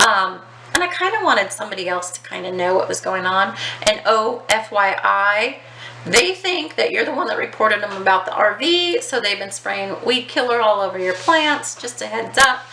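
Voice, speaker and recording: A woman's voice: medium pitch, animated, moderate pace, pushed and bright. A woman vlogger telling a casual story, chatty and swearing freely, with lots of ums and likes. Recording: echoey with faint outdoor noise.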